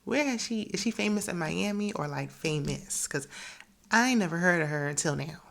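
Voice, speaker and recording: Low gravelly lady doing a chatty reality tv recap, opinionated, laughs a lot. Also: expressive, fairly quick, a bit bright. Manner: chatty, opinionated, laughs often, quotes cast members. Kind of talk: casual recap commentary.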